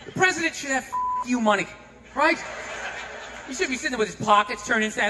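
A man performing a stand-up comedy set, ranting sarcastically and breaking into shouts. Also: extremely high pitch, expressive, fairly quick, pauses often. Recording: long hall reverb, audible noise.

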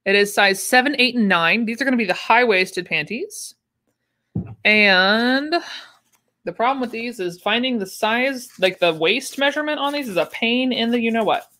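A woman's voice: on the high side, moderate pace, sharp tone. A young woman chatting casually on a livestream, with wry asides and easy laughs. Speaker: livestream host unboxing sewing patterns. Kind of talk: casual chat.

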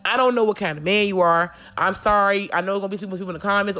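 A woman's voice: medium pitch, racing, sharp tone. A woman doing a casual tarot reading, talking bluntly and confrontationally with lots of swearing. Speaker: tarot reader.

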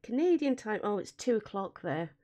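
A woman streaming a building game, chatting casually and giggling, with frequent excited gasps. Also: mid-range voice, normal speed.

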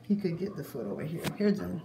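A woman helping at a dog training session, offering offhand suggestions and quick asides. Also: fairly low pitch, very animated, vocal fry, dark tone, a little hiss or hum. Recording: echoey room, voice from a distance.

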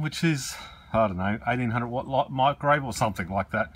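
A man's voice: mid-range voice, brisk, a bit bright, slightly rough. A man, casually talking through a home battery test and reading out meter numbers in an offhand way. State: out of breath. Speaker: DIY battery vlogger. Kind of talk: casual video demonstration.

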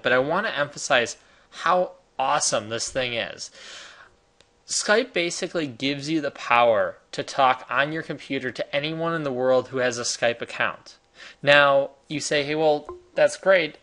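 A man's voice: medium pitch, bright, forceful tone. A man from the United States hosting a casual, enthusiastic tutorial while sharing his screen. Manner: enthusiastic, chatty, salesy. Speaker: host.

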